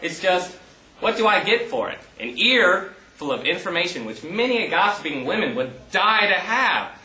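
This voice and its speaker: A man's voice: sits high, big pitch swings, moderate pace, pushed and bright, far from the mic, heavily acted. A man playing a bored, scheming analyst. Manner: mock-formal, musing aloud, gleeful when plotting. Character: bored clever male analyst, scheming and smug. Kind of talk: amateur stage play acting. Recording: echoey hall.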